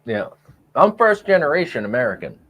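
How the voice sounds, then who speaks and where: A man's voice: a little high, sing-song, brisk, a bit bright, dull audio. A man from the Boston area bantering as co-host on a casual podcast, joking and playful. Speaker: co-host sculptor.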